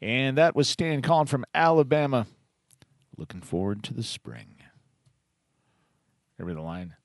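Male radio host, lively pitch, laughs easily, dry close mic. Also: moderate pace, vocal fry, long pauses, no room sound. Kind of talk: call-in radio hosting.

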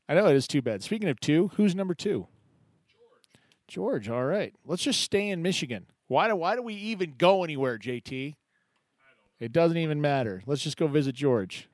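A man hosts a live poetry open mic in a chatty, halting way, stopping and restarting his sentences. His voice sits at an ordinary pitch and is recorded close and dry. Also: very animated, dry recording. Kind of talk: casual live show hosting.

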